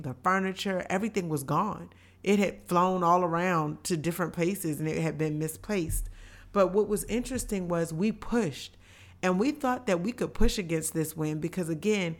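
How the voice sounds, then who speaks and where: Earnest woman sharing a faith story. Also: lowish voice. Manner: earnest, reflective, faith-filled. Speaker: podcast host. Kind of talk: personal storytelling.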